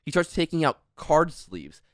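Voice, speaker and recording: A man hosting a podcast, telling a story in a casual, animated way, with swearing, as he acts out what people said. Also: on the high side, moderate pace, no echo, studio quality. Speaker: podcast host.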